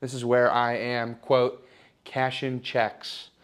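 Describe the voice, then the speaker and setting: A man's voice: mid-range voice, normal speed, noisy background, natural voice. A young man playing a smug, oblivious rich guy who shows off his loft in a rambling, boastful, mock-sentimental way. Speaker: comedic character giving a home tour. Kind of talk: improvised parody home-tour sketch. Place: apartment loft, walking room to room.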